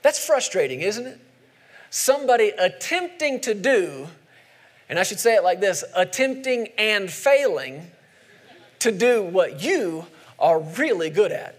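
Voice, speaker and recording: A male pastor preaching a sermon, emphatic, posing questions to the congregation and slowing down to stress scripture. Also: sits high, sing-song. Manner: emphatic, asks the audience questions, slows down for scripture.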